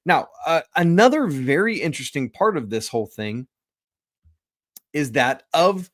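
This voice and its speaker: A man hosting a college basketball podcast in a loose, chatty way, full of quick self-deprecating asides. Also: on the high side, big pitch swings, fairly bright tone, no room sound, studio quality. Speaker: podcast host. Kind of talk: casual sports talk.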